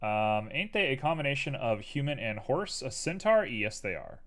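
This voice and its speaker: A man's voice: medium pitch, sing-song, normal speed, fairly bright tone. A man casually chatting on a live stream while he works, playful and talking to himself and his chat. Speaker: livestreamer and 3D artist.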